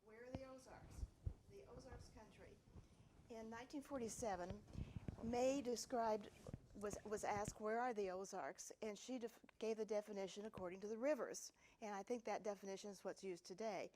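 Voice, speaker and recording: A woman's voice: mid-range voice, fairly even intonation, moderate pace, background noise. Woman giving an author talk. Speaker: author and book editor. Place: public talk in a university library.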